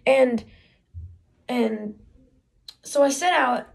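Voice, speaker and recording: A woman's voice: high-pitched, extremely slow, vocal fry, exaggerated voice. A teenage woman playing an eager, aggrieved boy who brags that the sun is his father, in a chatty stage monologue with sarcastic asides. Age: teens. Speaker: student theater performer.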